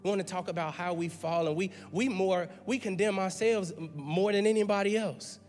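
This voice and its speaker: In a church sanctuary, a man preaches with a high-pitched voice at a moderate pace, conversational yet emphatic, circling back to repeated words to drive his point home. Faint music lingers in the background, and a long hall reverb hangs on the recording.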